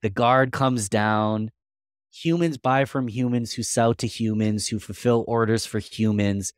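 A man's voice: on the low side, measured pace, clear, resonant tone, no echo, clean studio sound. A man guest on a podcast interview, answering in an earnest, practical way and thinking aloud.

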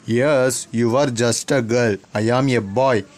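A man's voice: mid-range voice, steady tone, a little slow, voice pushed down, lightly acted. A man voicing a rude, boastful schoolboy bully in a sneering, dismissive tone.

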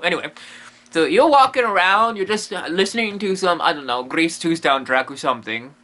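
A man hosts a comedic monster explainer with a bright, lively voice that swings up and down in pitch. He rambles playfully from one silly aside to the next. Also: a little fast. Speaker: comedic host playing a medium.

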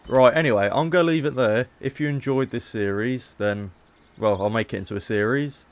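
Fairly quick and medium in pitch, this man's voice narrates gameplay for his YouTube audience. His manner is playful and talkative, sprinkled with haggling asides.

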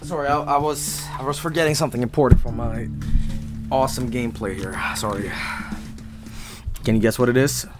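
Joking Swedish-accented streamer. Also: male voice, mid-range voice, brisk, long pauses, music in the background. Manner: joking, rambling, swears freely. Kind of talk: casual game commentary.

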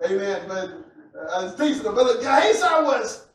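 A man preaching a sermon who repeats himself and builds up to loud, shouted passages. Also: high voice, lively intonation, brisk. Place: church. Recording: echoey church hall from a distant mic with faint noise.

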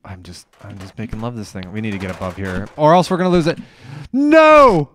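Excitable man narrating his gameplay. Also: fairly low pitch, fast, slight background noise. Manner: excitable, swears and scolds himself out loud. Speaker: gamer playing a video game. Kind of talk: let's play commentary.

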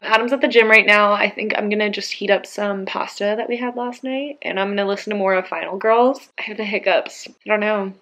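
A young woman talks to her camera at home in an easy, rambling way, often breaking into laughter. Her voice sits at an ordinary pitch, and she keeps the tone casual throughout. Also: fairly even intonation, a little fast, hardly any pauses, bright, forceful tone. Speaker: book vlogger. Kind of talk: casual vlog chat.

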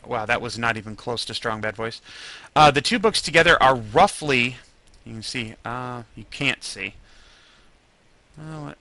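A let's play host in his twenties rambles casually through gameplay commentary, grumbling at the game and poking fun at himself. His medium-pitched voice is creaky, bright, and forceful, with no echo and faint game music behind him.

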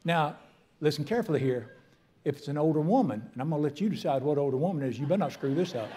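An older man with a drawl preaches from the pulpit. His voice sits a little high for a man. He jokes playfully with the congregation and prays in a soft, earnest tone. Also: sing-song, a little fast, breathy edge. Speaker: pastor. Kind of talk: sermon.

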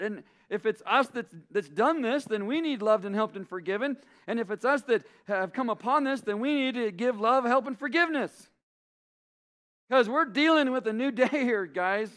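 A male pastor delivers a sermon in a fairly high voice. He preaches with passion, stacking repeated phrases to press his point home. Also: a bit bright.

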